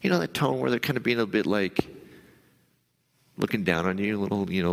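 A male pastor giving a conversational sermon, now and then acting out the voice in your head in a higher, pushier tone. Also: expressive, a little fast, creaky, long pauses, long reverb tail. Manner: conversational, acts out inner voices in a raised pitch.

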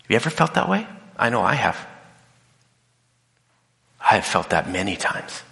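A man giving an animated talk, his voice bright and forceful. He acts out the people he quotes with jumps in pitch. The sound has a long hall reverb. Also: moderate pace, vocal fry. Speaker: speaker. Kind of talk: talk to an audience.

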